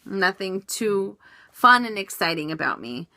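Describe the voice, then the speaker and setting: A woman's voice: medium pitch, big pitch swings, measured pace, pushed and bright, no room sound. A woman chatting casually as she answers viewer questions in a vlog, upbeat with many fillers and restarts.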